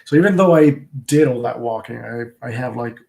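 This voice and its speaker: A man with a medium-pitched, gravelly, somewhat dark voice vlogs live in a casual, reflective way. He speaks haltingly, often stopping and restarting his sentences.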